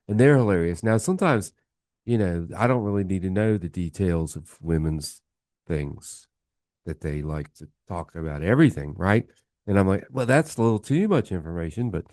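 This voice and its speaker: A man's voice: on the low side, a little mellow, dry recording, studio quality. A man on a radio show as a guest beer reviewer, chatting casually and rambling through jokes. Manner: rambling storyteller who acts out the voices in jokes. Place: radio studio. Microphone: studio mic.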